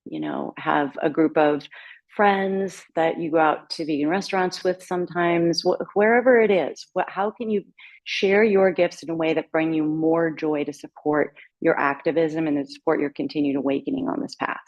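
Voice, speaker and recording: A woman presenting at a conference in an earnest, casual way, often pausing with hesitations. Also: low voice, steady tone, darkish tone, highs cut off.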